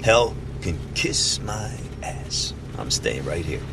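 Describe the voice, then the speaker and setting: An actor playing a defiant, crooked dead cop in a movie clip, talking gruffly. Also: male voice, low voice, very animated, takes it slowly, full character voice. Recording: movie clip with noisy background.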